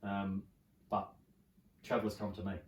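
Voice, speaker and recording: A middle-aged Australian man, a podcast guest, telling stories in animated, casual chat and swearing freely. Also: on the low side, normal speed, slight background noise. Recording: roomy, from a distance.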